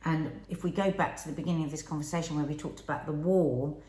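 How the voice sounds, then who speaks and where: A woman's voice: low-pitched, quick pace, mellow. A middle-aged woman with an earnest, reflective manner, co-hosting a candid podcast chat with her partner. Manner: earnest, reflective, quotes herself in asides. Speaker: podcast co-host. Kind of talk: candid couple's conversation. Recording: echoey room.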